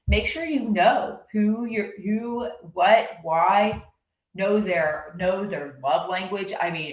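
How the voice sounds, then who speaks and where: A woman's voice: fairly low pitch, roomy sound, rough recording. A woman coaching in a casual, rambling monologue, full of restarts. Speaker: horse-based coach.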